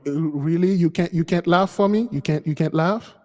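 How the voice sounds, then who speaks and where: A man with a high, fairly quick voice and a darkish tone hosts a spiritual channel, his sound echoing as if in a big room. He chats casually in live commentary with listeners he calls beloved, often repeating himself, stammering and restarting his words.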